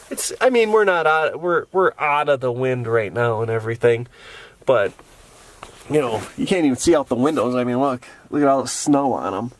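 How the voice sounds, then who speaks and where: A tired man vlogging casually from inside his camper van, rambling with lots of restarts and fillers. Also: medium pitch. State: tired from a long day. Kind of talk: casual vlog chat.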